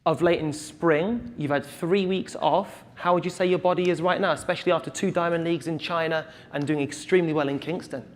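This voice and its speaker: A man's voice: fairly high pitch, fairly even intonation, fairly quick, hardly any pauses, a little hiss or hum. A man hosting a press conference, introducing athletes and asking questions in an upbeat, showy way.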